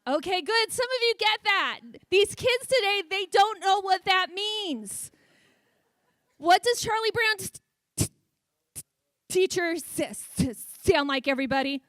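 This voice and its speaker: A woman in her 40s with a stutter, often repeating sounds, entertains a luncheon audience in an event hall with a funny speech. Her extremely high voice is a bit bright, with lively intonation and an unhurried pace, captured in a dry recording.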